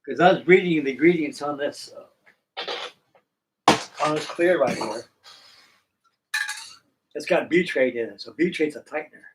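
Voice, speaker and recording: A man's voice: fairly high pitch, moderate pace, pauses often, recorded from a distance, noisy background. A middle-aged man hosting a live stream, chatting casually and folksily while he builds models, with rambling talk and casual swearing.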